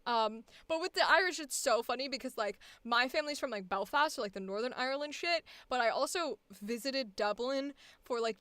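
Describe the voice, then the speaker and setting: A woman's voice: sits high, brisk, few pauses, pushed and bright, clean tone, no echo. A young woman voice actor chatting casually in a coaching session, rambling with many fillers and laughing often. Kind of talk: casual chat.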